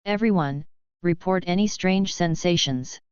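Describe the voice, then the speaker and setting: Woman narrator voicing a calm young male leader in an audiobook, firm, slow, smooth. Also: lowish voice, no room sound, lo-fi sound, lightly acted.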